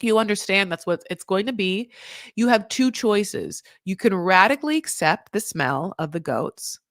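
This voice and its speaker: A woman casually recapping a reality show, chatty and animated, full of "like" and laughs. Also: mid-range voice, moderate pace, no room sound, clean studio sound. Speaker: recap podcast host.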